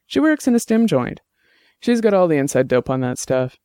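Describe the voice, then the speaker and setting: A man's voice: on the high side, very animated, moderate pace, mellow, no room sound, studio quality, voice pushed up. A man voicing a friendly, easygoing young cop in an audiobook. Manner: easygoing, laughing.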